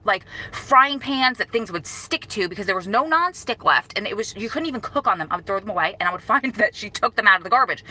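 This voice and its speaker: A woman's voice: medium pitch, pushed and bright, poor audio. A woman vlogger talking casually to her viewers, emotional and holding back tears, rambling and apologizing as she goes. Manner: rambling and apologetic, many restarts. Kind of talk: casual talk to camera.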